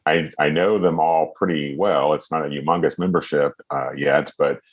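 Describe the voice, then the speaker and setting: A man with an American accent, chatting as a guest on a podcast in a relaxed, modest way. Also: rumbling low, moderate pace, slightly rough. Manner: relaxed, modest, laughs easily. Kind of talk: casual interview conversation.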